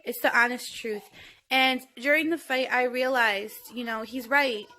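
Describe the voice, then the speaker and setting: A woman in her thirties speaks straight into her phone, with a voice sitting a touch high for a woman. Her delivery is earnest and emotional, rambling as she restarts her thoughts in an open, confessional vlog. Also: steady tone, unhurried, sharp tone. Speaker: vlogger.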